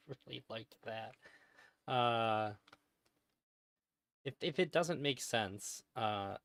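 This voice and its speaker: A man reviewing a clip on his stream in casual commentary, rambling with many pauses and restarts and laughing often. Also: mid-range voice, no echo.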